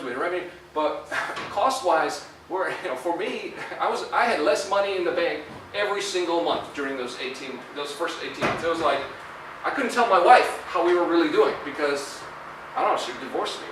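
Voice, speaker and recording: Fairly high in pitch and a touch bright, the middle-aged man's voice comes with slight background noise. He's giving a conversational career talk at a university as a guest lecturer, with plenty of fillers and tag questions, recorded at a distance in an echoey lecture hall.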